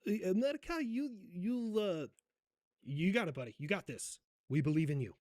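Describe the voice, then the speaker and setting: A man putting on an impression of a male head of state, halting and full of hesitant fillers. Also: high-pitched, animated, a little mellow. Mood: pleading. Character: impression of a male wartime head of state, pleading, heavily accented.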